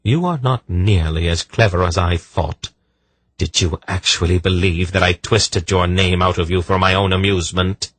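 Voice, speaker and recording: A man voicing a powerful woman sorceress who speaks calmly and implacably, with a frosty, dryly amused authority. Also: deep voice, moderate pace, breathy edge. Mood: commanding calm. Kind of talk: audiobook reading.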